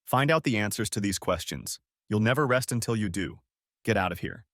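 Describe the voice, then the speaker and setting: A man's voice: lowish voice, animated, a little fast, a bit bright, no room sound, clean studio sound. A man voicing a concerned female friend who gives firm, reassuring advice.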